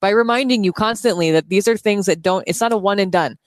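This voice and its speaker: A woman's voice: medium pitch, fast talker, no echo. A woman co-hosting a podcast in casual chat, earnest and rambling, often losing words and restarting, recorded indoors at her house. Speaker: podcast co-host.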